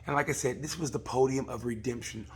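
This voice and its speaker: A man, a comedian, rambling through a casual comic review of a race, swearing and acting out people in quick asides. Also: mid-range voice, slight background noise. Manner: rambling, profane, acts out voices in quick asides.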